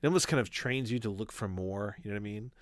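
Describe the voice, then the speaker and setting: Man in his forties, low voice, dry close sound, rambling casual podcast chat. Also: quick pace, no echo. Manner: rambling, with many restarts. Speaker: podcast co-host.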